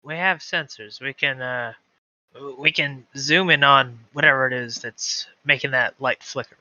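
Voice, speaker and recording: A man playing in a tabletop game, speaking playfully with halting restarts. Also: mid-range voice, bright, forceful tone, no echo. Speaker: player. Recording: dry, dull lo-fi mic.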